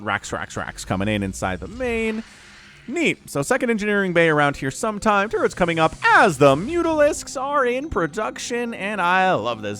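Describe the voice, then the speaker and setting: A man's voice: mid-range voice, fairly bright tone. A man giving casual solo commentary on a strategy game match, chatty and speaking to his viewers. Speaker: StarCraft shoutcaster.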